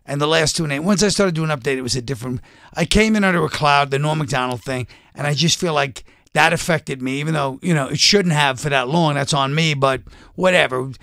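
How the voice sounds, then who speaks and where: A middle-aged male comedian speaking as a studio guest, in a voice a bit higher than average. He delivers dry, sardonic lines flatly. The sound is close and dry. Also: fairly quick, no room sound. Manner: deadpan, sardonic. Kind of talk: casual radio interview. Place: radio studio.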